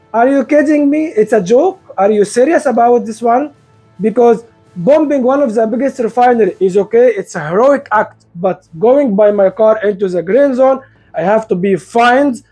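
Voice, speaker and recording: Indignant high-voiced man ranting sarcastically. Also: darkish tone. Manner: indignant, sarcastic, rhetorical questions. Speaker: commentary video host. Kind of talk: opinion monologue.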